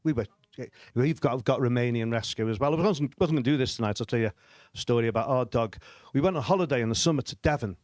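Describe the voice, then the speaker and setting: A man's voice: medium pitch, fast, darkish tone, no echo. A middle-aged man telling stand-up stories on a comedy club stage, with a dry, self-deprecating delivery and frequent chuckles. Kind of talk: stand-up storytelling.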